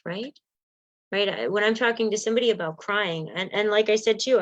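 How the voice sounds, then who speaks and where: A woman's voice: medium pitch, no echo. A woman life coach teaching a self-help workshop in an earnest, conversational, encouraging way. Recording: slightly muffled, dull sound.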